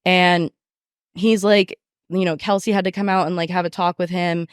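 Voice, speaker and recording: A young woman casually telling a story from her restaurant job, animated and profane, with lots of fillers. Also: on the low side, normal speed, clean tone, no room sound, clean studio sound. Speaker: podcast guest.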